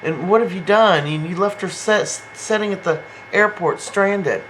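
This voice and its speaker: A man's voice: high voice, normal speed, fairly bright tone, a little hiss or hum, voice pushed up, poor audio. A man voicing an exasperated, bossy young woman scolding someone in a raised voice.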